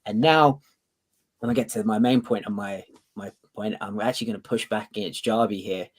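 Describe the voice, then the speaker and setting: A man co-hosting a casual podcast debate, talking excitedly in quick bursts with restarts, swearing and acting out scenes he quotes. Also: on the low side. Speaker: podcast co-host.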